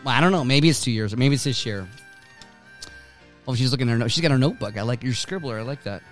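A man's voice: mid-range voice, lively intonation, quick pace, soft background music. A middle-aged man hosting a casual chat, laughing often and swearing freely. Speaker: podcast host.

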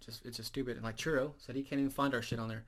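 A man's voice: mid-range voice, fairly even intonation, very fast, fairly bright tone. A man co-hosting a podcast, telling a rambling, profane story in casual chat. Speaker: podcast co-host.

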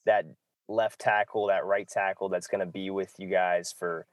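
A man's voice: low-pitched, level tone, moderate pace, no echo. A man hosting a casual sports podcast, loose and jokey, often saying "exactly". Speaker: podcast host.

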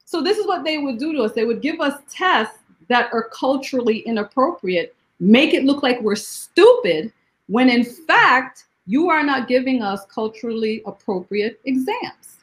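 A woman from Jamaica, a poet guest who talks in lively rhetorical questions and recites her poems slowly and deliberately. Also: high voice, rough recording. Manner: rhetorical questions, animated storytelling; slow, deliberate poetry recitation. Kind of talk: conversational interview and poetry reading.

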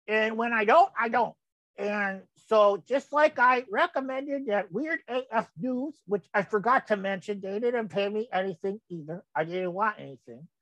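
A man's voice: extremely high pitch, a bit bright, dry recording, rough recording. An older man hosting his own show, rambling in a folksy way as he comments on photos. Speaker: podcast host.

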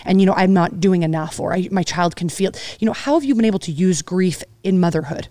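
Fast-talking woman host, mellow tone. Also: fairly low pitch, no room sound. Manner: warm, affirming interviewer. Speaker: podcast host. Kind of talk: interview questions, conversational.

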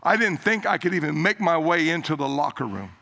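An older man delivers a sermon as a story in a high, bright, gravelly voice, speaking animatedly and fairly quickly. His pitch climbs on emphatic lines and drops low and soft when he quotes others.

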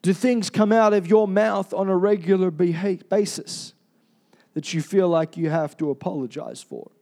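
A man preaching a sermon, emphatic and personal, asking rhetorical questions and slowing down to stress key words. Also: high-pitched, dark tone. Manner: confessional storytelling.

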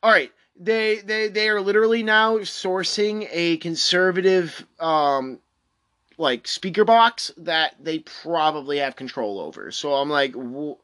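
A vlogger reads a news article aloud and breaks into sarcastic, swearing rants, repeating phrases mockingly between flat stretches of reading. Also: mid-range voice, unhurried. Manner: sarcastic, exasperated, swears often, mocking repetition; jumps between flat reading and loud outbursts. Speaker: commentator reacting to a news article.

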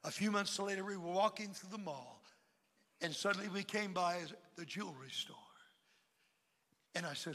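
An older man preaches a sermon in a big church auditorium, his voice high and piercingly bright. He jumps from loud, emphatic declarations to quiet, confiding asides. The sound carries a long reverb from the hall. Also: normal speed, pauses often. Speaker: pastor.

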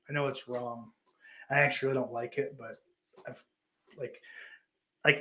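A man's voice: mid-range voice, a little slow, long pauses, roomy sound. A man streaming and reading chat comments aloud, ranting crudely with sarcasm and mocking outbursts. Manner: sarcastic, profane, bursts into mocking yells. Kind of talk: casual crude rant.

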